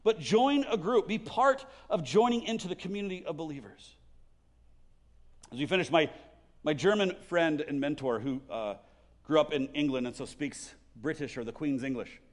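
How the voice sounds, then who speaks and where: A man's voice: fairly high pitch, normal speed. A man preaching a sermon as a pastor, earnest and exhorting, often repeating words as he goes, and leading a closing prayer. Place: church service.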